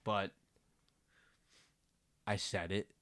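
A young man co-hosting a casual anime recap podcast, animated and slangy, often laughing. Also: low-pitched, extremely slow, dry recording. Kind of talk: casual chat.

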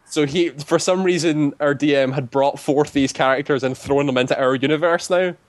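A man's voice: on the high side, moderate pace, no room sound. A man casually recounting a tabletop game session, rambling with many filler words. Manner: rambling, heavy use of "like" fillers. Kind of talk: casual storytelling.

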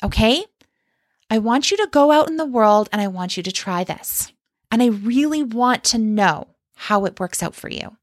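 A woman coaching her listeners in a solo podcast, upbeat and direct, often asking "okay?" or "right?" to keep them with her. Her voice sits a little high. The sound is close and dry. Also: expressive, moderate pace, no room sound. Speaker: life coach. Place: lives in Canada.

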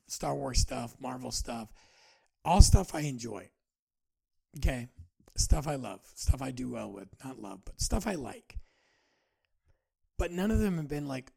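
A man in his forties hosting a podcast, talking earnestly and haltingly about his own feelings, often restarting his sentences. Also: mid-range voice, lively intonation, gravelly, a little mellow, slightly rough. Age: 40s. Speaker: podcast host. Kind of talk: personal reflective monologue.

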